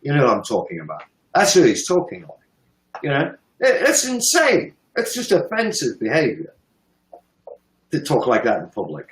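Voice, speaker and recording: A man's voice: mid-range voice, huge pitch swings, normal speed, echoey room, low-quality recording. A British man giving sarcastic, profane political commentary on a livestream, mocking and emphatic. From United Kingdom.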